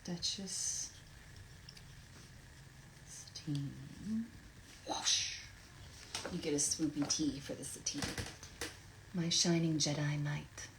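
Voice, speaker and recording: A woman from Tennessee, USA, a voice actress, signs autographs and chats playfully in a casual livestream from home by her recording booth. Her deep voice stays fairly even and slow, with frequent pauses. Background noise comes through her desk microphone.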